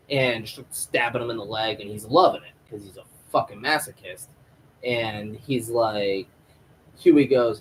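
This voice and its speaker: A man's voice: fairly low pitch, moderate pace, breathy edge, low-quality recording. A man recapping a TV episode live, rambling and swearing freely as he retells the plot. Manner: rambling, profane, animated. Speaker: TV show reviewer.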